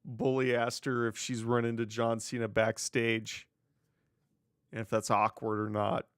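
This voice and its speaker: A man's voice: mid-range voice, completely flat delivery, measured pace, smooth, no echo, clean studio sound. A man hosting his own wrestling news show, chatting casually on his own, sarcastic and swearing freely. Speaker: wrestling news podcast host. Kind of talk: casual solo commentary.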